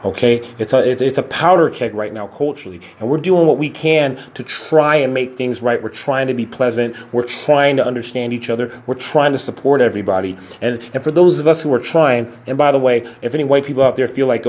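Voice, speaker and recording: A man hosting his own podcast, giving an emphatic, impassioned solo monologue with profanity, slowing down to stress points and then speeding up in bursts. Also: medium pitch, a little mellow. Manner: shifts between slow deliberate stresses and rapid bursts. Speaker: podcast host.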